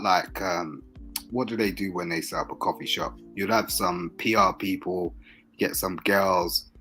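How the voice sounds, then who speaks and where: A man's voice: on the low side, fairly bright tone, rough recording. A man joining a casual online chat as a guest, talking loosely and laughing often. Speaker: guest caller.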